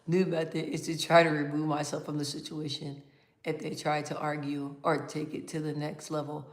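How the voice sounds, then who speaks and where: A woman hosting a casual livestream, reading viewer comments aloud and talking in a calm, even tone with lots of fillers and frequent laughs. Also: sits low, normal speed, roomy sound. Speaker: livestream host.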